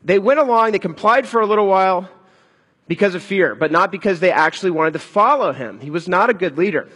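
A man preaching a sermon in an animated, conversational way. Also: high-pitched, a little fast, slightly rough, in a large hall. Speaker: pastor.

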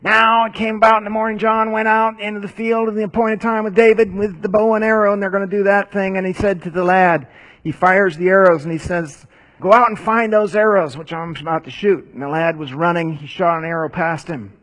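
A man's voice: high voice, flat delivery, brisk, a bit bright. A man preaching and teaching through a Bible passage in a casual, conversational way, with rhetorical questions and asides. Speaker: pastor.

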